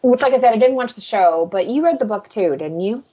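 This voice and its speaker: A woman with a fairly high voice chats casually as a book podcast co-host. She tells stories with energy and acts out other people's lines. The audio sounds a little dull and lo-fi. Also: a little fast. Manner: animated, acts out quotes of others. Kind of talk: casual chat.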